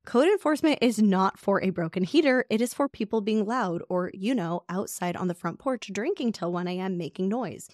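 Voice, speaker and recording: A calm, patient male rental host explains his position in a level, reasonable way, as a woman reads his lines. The sound is dry and close, at a mid pitch. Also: moderate pace, few pauses, no echo, close to an everyday voice.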